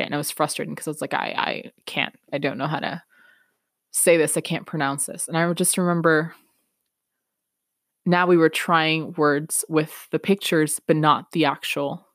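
Speaking in a deep voice, a young podcast host reflects earnestly on something from her own life, laughing now and then. The studio audio is clean, with no echo at all.

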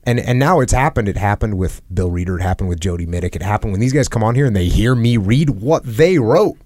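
A man's voice: fairly low pitch, expressive, fast, a little mellow, no room sound. A man hosting a podcast, talking earnestly in a reflective conversation and repeating phrases for emphasis. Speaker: podcast host. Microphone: headset.

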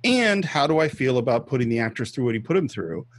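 Husky-voiced man recapping a film. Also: medium pitch, very animated, fast talker, no room sound. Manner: retells film scenes step by step, with acted-out quotes. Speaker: podcast co-host. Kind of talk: casual film-discussion chat.

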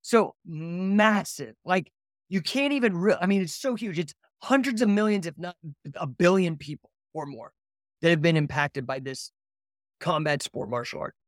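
Excitable rambling podcast host man. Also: high-pitched, moderate pace, no echo, studio quality. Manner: excitable, rambling, says "dude" and "man" a lot. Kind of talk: casual livestream chat.

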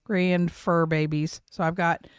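A woman's voice: on the low side, unhurried, clean tone, dry recording, clean studio sound. Swearing, laughing woman telling a story. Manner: animated storyteller, swears freely, laughs often. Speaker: podcast co-host. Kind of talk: casual chat.

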